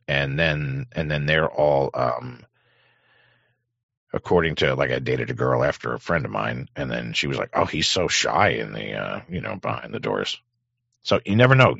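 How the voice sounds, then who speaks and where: A man hosting a talk show, rambling in crude, sarcastic casual commentary with a hoarse voice. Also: rumbling low, a bit bright, no echo, highs cut off. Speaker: podcast host.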